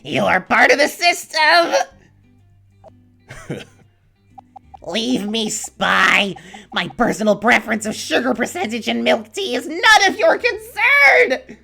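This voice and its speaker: A woman voicing an excitable young man in a hospital bed, given to dramatic playful outbursts. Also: deep voice, unhurried, soft background music, full character voice. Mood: outraged. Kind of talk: visual novel voice reading.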